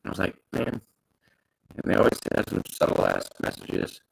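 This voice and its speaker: A man's voice: low voice, big pitch swings, fast talker, creaky, slightly rough, rough recording. A young man chatting casually and rambling a little on a live stream. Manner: rambling, self-conscious.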